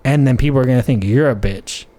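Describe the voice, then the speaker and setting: A man, co-hosting a podcast and telling a story in an animated, profane way, full of "like" and "right?". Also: medium pitch, fast talker. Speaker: podcast co-host. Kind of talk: casual storytelling chat.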